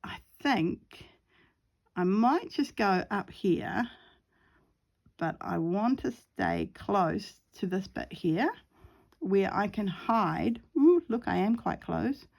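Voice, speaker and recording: A woman's voice: mid-range voice, lively intonation, slow pace, gravelly, a little mellow. A middle-aged woman chatting casually while she sews, laughing often and acting out the voices in her story. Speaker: craft vlogger.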